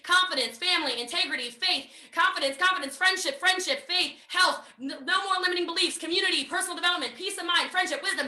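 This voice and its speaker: An American woman giving a live online sales training, talking in an energetic, emphatic way and repeating phrases for drive. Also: very high voice, fairly quick, few pauses, echoey room. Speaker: network marketing trainer.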